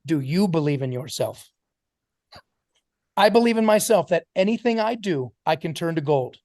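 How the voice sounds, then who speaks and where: A man's voice: on the high side, animated, normal speed, darkish tone, dry recording, clean studio sound. A man giving an emphatic motivational talk to a sales team on a video call, calling on listeners by name.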